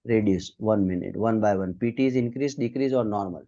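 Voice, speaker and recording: A man's voice: lowish voice, brisk, dark tone, dull audio. A man with an Indian accent running an online medical exam quiz, patiently drilling students one point at a time.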